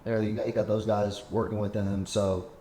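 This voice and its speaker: Man, low voice, casual host, rambling storyteller, echoey room. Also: flat delivery, normal speed, mellow. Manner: rambling storyteller, acts out quoted talk. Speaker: podcast host. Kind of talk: casual chat. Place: penthouse apartment. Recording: echoey room, faint background hum.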